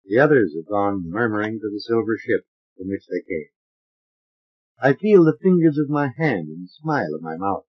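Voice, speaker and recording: Male audiobook narrator, husky, lo-fi vintage recording. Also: lowish voice, expressive, normal speed. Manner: dramatic, varied character voicing. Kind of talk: expressive audiobook reading. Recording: dull lo-fi transfer of an old record.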